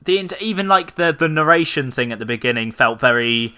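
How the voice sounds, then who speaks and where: A man's voice: medium pitch, lively intonation, brisk, bright, forceful tone, clear, resonant tone. A man hosting a casual podcast, recapping a show in a rambling, joking way with lots of ums and uhs. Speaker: podcast host. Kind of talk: casual chat.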